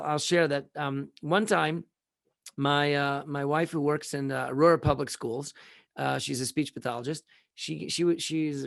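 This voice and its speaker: A man's voice: a little high, vocal fry, no echo, studio quality. A man hosting a live talk show, speaking in a casual, folksy way, rambling with many restarts and repeated words. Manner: conversational, folksy. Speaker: host.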